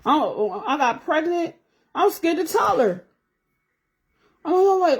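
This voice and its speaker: A woman's voice: very high voice, animated, a little slow. A woman in her forties chatting candidly to viewers on a livestream while doing her nails. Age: 40s. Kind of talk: casual chat on a livestream.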